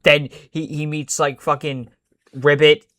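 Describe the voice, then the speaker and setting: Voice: mid-range voice, flat delivery, unhurried, fairly bright tone, dry recording. A commentator ranting casually about a cartoon, profane, exasperated and sarcastic.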